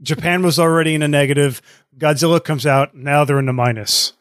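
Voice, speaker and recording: A man talking as a guest on a podcast, chatty and rambling with quick asides. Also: a little high, steady tone, dry recording, clean studio sound. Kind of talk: casual podcast chat.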